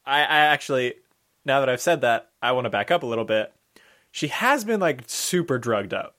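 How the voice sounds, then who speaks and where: A man chatting casually as game master about a tabletop session, quick and joking as he defends his story. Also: mid-range voice, lively intonation, a bit bright.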